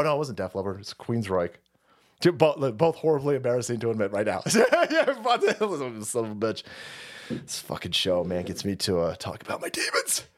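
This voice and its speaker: A middle-aged man hosting a live stream, ranting casually and with heavy profanity, rambling and calling his viewers boys. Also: mid-range voice. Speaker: streamer host.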